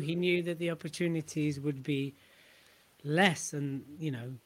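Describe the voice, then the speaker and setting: A podcast co-host from England chats casually and teases his guests. His voice is pitched a little high for a man. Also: fairly even intonation, a little slow.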